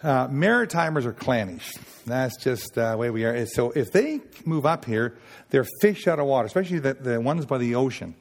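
A man from Nova Scotia with a Nova Scotian accent, giving a folksy talk at a chapel, halting and full of restarts as he tells stories. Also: medium pitch, expressive, long reverb tail. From Nova Scotia, Canada. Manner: homespun, halting, with many restarts and acted-out dialogue. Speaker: sailors' gospel worker speaking at a chapel.

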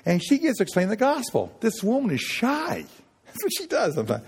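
A man from Nova Scotia with a Nova Scotian accent, giving a folksy talk at a chapel, halting and full of restarts as he tells stories. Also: sits high, wildly swooping pitch, darkish tone, breathy edge, in a large hall. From Nova Scotia, Canada. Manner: homespun, halting, with many restarts and acted-out dialogue. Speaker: sailors' gospel worker speaking at a chapel.

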